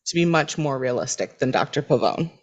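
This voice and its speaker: A woman's voice: very deep voice, animated, a little fast. A woman co-hosting a podcast in casual chat, making dry, wry remarks. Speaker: podcast co-host. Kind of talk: casual chat recapping a TV show.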